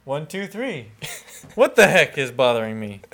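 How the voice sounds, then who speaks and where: A man co-hosting a comedic podcast in casual chat, joking and swearing freely, stumbling over his words when he gets excited, speaking into a lapel mic held in his fingertips. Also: mid-range voice, normal speed. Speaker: podcast co-host. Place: makeshift home setup.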